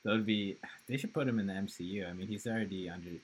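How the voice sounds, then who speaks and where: A man co-hosting a casual podcast, joking and rambling with quick laughs. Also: fairly low pitch, breathy edge, poor audio. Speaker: podcast co-host. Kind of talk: casual chat.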